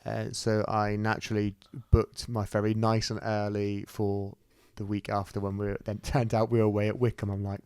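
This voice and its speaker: A man co-hosting a football podcast, telling a relaxed anecdote in casual chat. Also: lowish voice, moderate pace, hardly any pauses, smooth, dry recording, studio quality. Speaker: podcast co-host.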